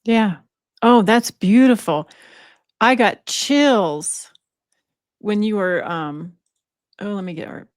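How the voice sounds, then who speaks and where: Slow-spoken effusive woman host. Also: medium pitch, dry recording, studio quality. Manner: effusive, admiring reactions. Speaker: podcast host. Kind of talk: interview.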